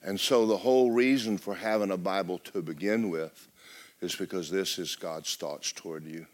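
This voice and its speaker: A middle-aged male pastor, preaching loudly and with life, often dropping to a hush. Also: low voice, moderate pace. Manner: loud, lively preaching with sudden drops to a hush. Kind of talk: sermon. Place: church.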